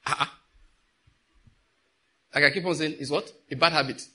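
Middle-aged pastor, slightly raised pitch, conversational sermon with questions to the congregation. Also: male voice, a little slow, sharp tone.

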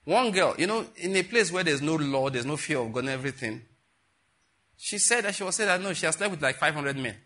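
Husky, bright-voiced pastor preaching. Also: male voice, fairly high pitch, a little fast. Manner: animated storytelling, acts out quoted voices. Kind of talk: sermon with personal stories.

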